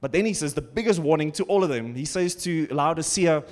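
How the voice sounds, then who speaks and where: High-voiced preacher in a reverberant church. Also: male voice, brisk, darkish tone. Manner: conversational, humorous preaching with sarcastic asides. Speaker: pastor. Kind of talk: sermon. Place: large church auditorium. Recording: long church-hall reverb.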